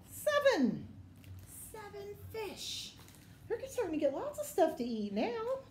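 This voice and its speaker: A young woman librarian reading a picture book to children, animated and coaxing them to join in. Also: high-pitched, slight background noise. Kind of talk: children's story time reading. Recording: echoey room.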